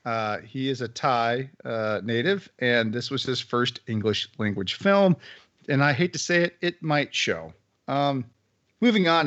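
A man's voice: mid-range voice, fairly bright tone, no room sound. A wry podcast host, a man who runs through his notes with dry jokes tucked in. The sound is dead dry, with no room at all, and a bit muffled and lo-fi. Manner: wry, joking, running the rundown. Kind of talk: casual chat. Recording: dull lo-fi audio.

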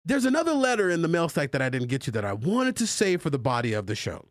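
A male podcast host in casual chat, animated and joking with his co-hosts as he reads out a listener letter. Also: a little high, fast talker, no room sound, studio quality. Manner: animated, jokey banter with co-hosts.

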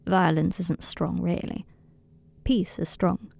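A woman voicing an earnest, tender young male wizard in an audiobook reading of a fan story, speaking in a softly confiding, slightly rambling way. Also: lowish voice, fairly even intonation, slow pace, gravelly, exaggerated voice.

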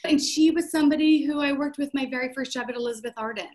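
A woman's voice: high voice, fast talker, a little mellow. A woman in her forties, a showroom CEO, speaking openly and reflectively in a conversational interview. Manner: open, reflective storytelling. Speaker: showroom CEO, podcast guest.

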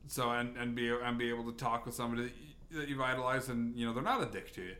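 A man's voice: medium pitch, steady tone, fast talker, bright, forceful tone. A man hosting a podcast, rambling through a casual chat with many restarts. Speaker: podcast host.

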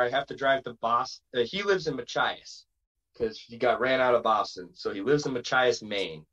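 A man spinning a road story as a wrestling guest, animated and loose, jumping into little quoted voices along the way. His voice sits in an ordinary middle pitch. The sound is dull and lo-fi, like a streamed call. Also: brisk. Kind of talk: casual storytelling interview.

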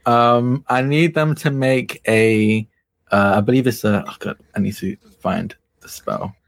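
A man player hunting for rules and describing his spell, hesitant and full of ums. His voice sits at a medium pitch for a man. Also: measured pace, creaky. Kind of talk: casual game talk.

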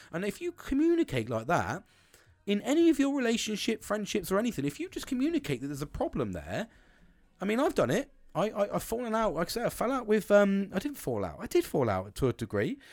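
A man's voice: on the high side, no echo. A man speaking bluntly and swearing often in a frank, casual monologue about communication.

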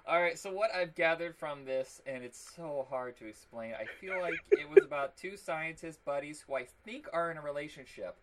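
A man's voice: fairly high pitch, lively intonation, moderate pace, hardly any pauses, a crowd in the background, poor audio. A man co-hosting a casual podcast chat, wry and amused as he reads from notes about a film. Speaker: podcast co-host.

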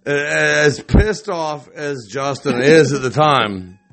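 A man's voice: a little high, slow pace, gravelly, a bit bright. A man co-hosting a podcast, telling a story in casual chat, rambling, repeating words and swearing. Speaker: podcast co-host.

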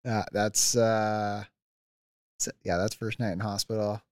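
A man's voice: on the low side, little pitch movement, measured pace, darkish tone, clean tone, no echo. A man in his thirties, a mountain biker guest telling his injury stories in a laid-back chat, with many likes and restarts. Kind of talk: casual chat.

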